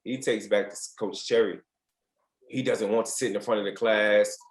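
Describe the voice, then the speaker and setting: A late-twenties man from Virginia, United States, a former basketball player, tells stories as a podcast guest in a casual interview. He's candid and profane and often acts out others' words in different voices. His voice is on the low side with fairly even intonation at normal speed, and the recording is reverberant.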